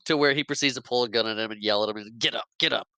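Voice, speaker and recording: A man's voice: mid-range voice, fast talker, pushed and bright, clear, resonant tone, no room sound. A man co-hosting a podcast about a film, chatting casually, giving short agreements and laughing often. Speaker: podcast co-host. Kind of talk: casual movie discussion.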